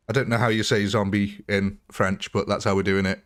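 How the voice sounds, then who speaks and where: A man with a fairly low voice talks through a game as he streams it live. His delivery is casual and rambling, with little asides and frequent chuckles. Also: steady tone, brisk, few pauses. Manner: chatty, laughs often, thinks aloud while playing. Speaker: gaming livestreamer.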